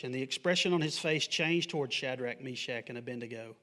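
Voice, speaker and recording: A man's voice: mid-range voice, brisk, sharp tone. A man preaching a sermon at church, reading scripture aloud and then explaining it with emphatic pushes, sometimes asking the congregation questions. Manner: asks the congregation questions in an offhand, joking way. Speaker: pastor. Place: church sanctuary.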